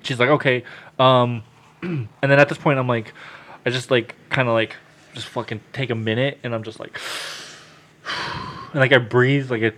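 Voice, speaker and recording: A man sits at a podcast mic telling a long personal story, his pitch right in the ordinary middle. He swears freely and slips into the voices of the people he is quoting. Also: moderate pace. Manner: animated, swears freely, acts out dialogue.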